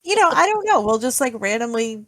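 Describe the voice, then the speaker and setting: A woman's voice: fairly high pitch, very animated, brisk, a bit bright, dry recording. A woman co-hosting a podcast in casual chat, rambling with lots of fillers and laughs. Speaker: podcast co-host.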